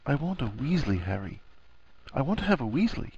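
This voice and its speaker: A man voicing a clever, gentle young witch who speaks softly and patiently. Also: mid-range voice, big pitch swings, a little fast, gravelly, slightly rough, no room sound, muffled recording, full character voice. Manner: soft, patient.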